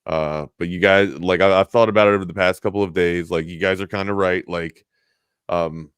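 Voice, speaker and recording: A man's voice: sits low, steady tone, a little fast, a bit bright, clean tone, no room sound. A man co-hosting a sports talk stream in casual chat, thinking aloud with lots of restarts.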